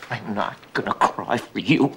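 An actor playing a bitter grown son speaking to his dying father in a hushed, seething, broken voice. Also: lowish voice, expressive, unhurried, vocal fry, noisy background. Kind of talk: film drama.

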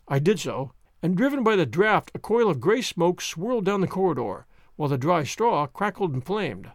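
A man narrating a classic story as an audiobook, in a measured, expressive way. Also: high voice, no room sound, studio quality.

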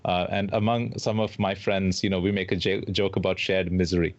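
A male interviewer talking casually and relaxed, with short agreeing replies. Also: low voice, a little fast. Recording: dull lo-fi sound.

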